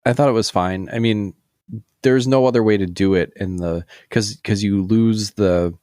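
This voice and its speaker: A man with a low voice rambles through a casual podcast conversation, full of restarts and fillers. The sound is dry and close, with no room around it. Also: normal speed, a little mellow, no echo. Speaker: podcast co-host. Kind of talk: casual chat.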